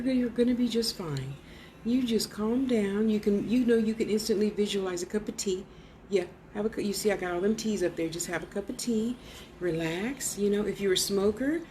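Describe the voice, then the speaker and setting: A woman in a casual home vlog coaxes an unseen spirit in a soothing, blunt voice, now and then cursing. Her pitch sits in the middle range, and a faint hiss runs under the recording. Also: mellow. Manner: coaxing, soothing, blunt asides. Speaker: vlogger talking to a spirit. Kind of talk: casual one-sided spirit talk.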